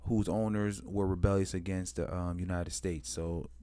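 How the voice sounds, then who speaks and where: A man's voice: low-pitched, steady tone, moderate pace, mellow, clear, resonant tone, no echo. A man explaining history in a casual, slangy way, swearing freely and stumbling over restarts, and acting out both sides of the story in quoted voices. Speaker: history commentator.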